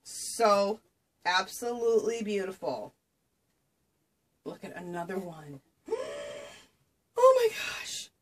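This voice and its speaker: A woman's voice: mid-range voice, fairly bright tone. A woman vlogging to her camera at home as she opens a package of craft gifts, gushing with breathless exclamations of delight. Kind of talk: excited unboxing chat to camera. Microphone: camera she sets up herself.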